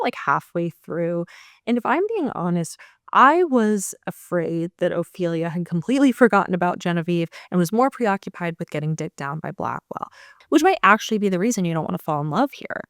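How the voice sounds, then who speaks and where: A woman's voice: on the low side, no echo, clean studio sound. A woman host giving a sarcastic, chatty book recap, full of filler words. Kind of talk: casual book recap chat.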